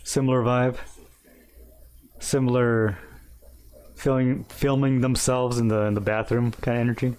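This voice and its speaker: Guy in casual stream chat, mid pitch, loose and offhand. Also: level tone, unhurried, pauses often, darkish tone, smooth.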